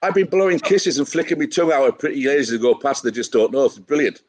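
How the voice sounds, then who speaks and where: A man's voice: medium pitch, expressive, quick pace, darkish tone. A man, a guest joking cheekily through casual banter on a video call. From England. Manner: cheeky, joking, laughing through his stories. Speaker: guest, fan taking over the show.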